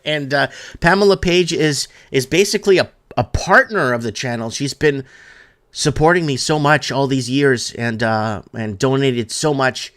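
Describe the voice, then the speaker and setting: A man hosts a live-stream talk show at a middle pitch. His delivery is loose and rambling, and he keeps restating the same point to drive it home. He reads out viewer comments between his own remarks. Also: a little slow, a bit bright.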